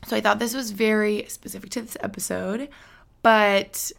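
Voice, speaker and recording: A woman's voice: mid-range voice, fairly even intonation, moderate pace, gravelly, fairly bright tone. A woman in her twenties hosting a podcast, talking casually and candidly, with lots of fillers and light laughs. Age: 20s. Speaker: podcast host. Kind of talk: casual solo podcast talk.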